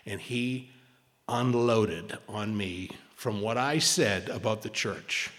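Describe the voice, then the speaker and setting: A man telling his personal recovery story to a meeting, animated and then hushed, with many restarts and repeated words. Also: on the low side, takes it slowly. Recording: long hall reverb.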